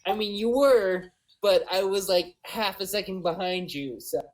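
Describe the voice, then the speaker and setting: A woman playing a tabletop game, chatting casually in quick, teasing banter. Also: medium pitch, poor audio. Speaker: player.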